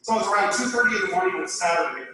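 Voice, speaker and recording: Guy telling a story, bright and bouncy voice, played off a tiny laptop speaker in an echoey hall, far away. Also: sits high, rapid-fire, slight background noise. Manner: lively, acts out the other voices in his story. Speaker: former phone phreak telling a story. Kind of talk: recorded first-person storytelling. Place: lecture hall.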